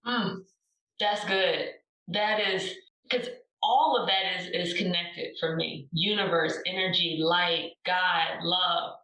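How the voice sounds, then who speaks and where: Woman host, affirming and unhurried, bright voice, sitting back from the mic in an echoey room. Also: fairly low pitch, steady tone, distant mic. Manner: warm affirming, brief agreeing replies. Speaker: podcast host. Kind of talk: casual podcast chat.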